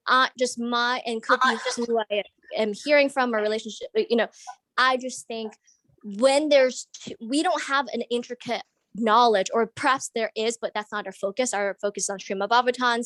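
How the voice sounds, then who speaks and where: An audience member in an online group discussion earnestly asks a long question, pausing to restart and search for words as she thinks aloud. Her voice is somewhat high and a bit bright, and the audio is poor, with no room sound.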